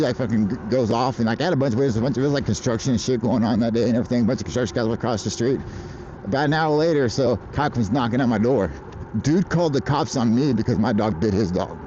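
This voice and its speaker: Casting: American man, mellow dark tone, loose cursing storyteller, lo-fi street stream. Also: mid-range voice, slight background noise. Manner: profane, rambling, laughs often. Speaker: livestreamer. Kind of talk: casual live-stream chat. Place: outdoors in traffic on a bike.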